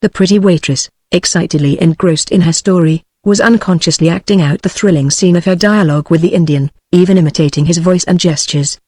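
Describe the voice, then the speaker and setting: A woman's voice: on the low side, brisk, few pauses, husky, no echo. Dry synthetic British woman narrator. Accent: British English. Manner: even, steady synthetic reading with no change between characters. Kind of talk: text-to-speech audiobook narration.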